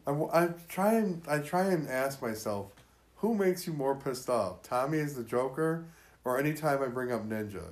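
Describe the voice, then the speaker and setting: A man's voice: medium pitch, expressive, moderate pace. Profane joking man riffing on a movie. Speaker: podcast co-host. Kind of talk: casual movie-review chat.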